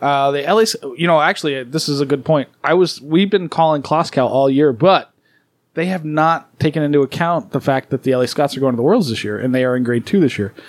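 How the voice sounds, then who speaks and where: A man co-hosting a podcast, excitable and profane, laughing often as he banters. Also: fairly high pitch, brisk, no room sound. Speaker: podcast co-host and editor.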